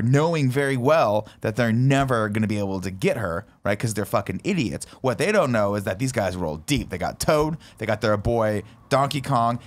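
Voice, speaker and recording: A man co-hosting a casual podcast, pitching a story with a voice that swings widely up and down. He talks in an animated way, full of asides and the odd curse, at a middling pitch. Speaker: podcast co-host. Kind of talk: casual chat.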